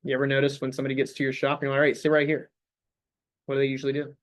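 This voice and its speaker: A man's voice: medium pitch, completely flat delivery, very fast. A young man leading a sales staff meeting, coaching the group with upbeat questions.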